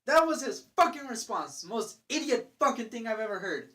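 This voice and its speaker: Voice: medium pitch, very animated, moderate pace, a bit bright. A young adult vlogger telling an exasperated story in a casual rant, swearing freely and using lots of fillers. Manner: profane, exasperated ranting with fillers.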